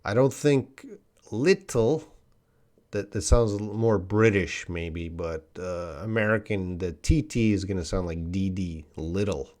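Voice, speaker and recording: A Canadian man teaches English on a live stream, his deep, slightly mellow voice moving at a moderate pace with hardly any pauses. He chats casually, restarts his sentences often, and reads viewer comments aloud.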